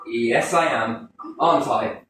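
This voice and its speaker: Slow and mid-range in voice, this man addresses a group in a cheeky, rambling, animated way, cursing freely and performing quotes. Faint music plays behind him, and the echoey room, distant mic, and faint noise all come through.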